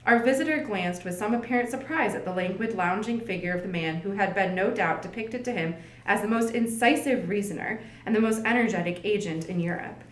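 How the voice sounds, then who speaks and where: A woman from the library staff reading a classic detective story aloud, in an unhurried storybook style with light character voices and chatty asides. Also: medium pitch. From United States. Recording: roomy echo.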